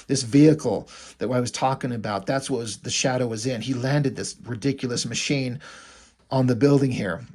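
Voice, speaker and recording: A man's voice: mid-range voice, normal speed, a little mellow. Guy rambling through a comic recap, lots of ums, average voice. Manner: loose, rambling, many fillers. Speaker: comic book reviewer. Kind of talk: casual comic review narration.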